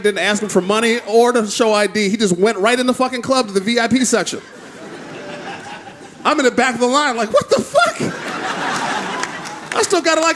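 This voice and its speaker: A man performing a stand-up routine on a club stage, telling an animated, profane story and acting out voices. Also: very high-pitched. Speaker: stand-up comedian. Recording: live club audience and noise behind.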